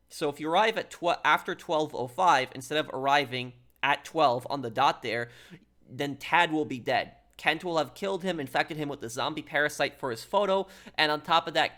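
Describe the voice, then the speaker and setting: A man narrates a casual walkthrough of a video game and explains how scenes are reached. His voice is slightly high and bright. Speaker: gaming YouTuber.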